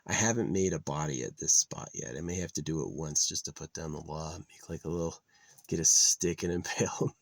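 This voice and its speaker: A man's voice: very deep voice, brisk, vocal fry, no room sound. A man vlogging outdoors in a rambling, profane, casual monologue that trails off into mutters. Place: outdoors in nature.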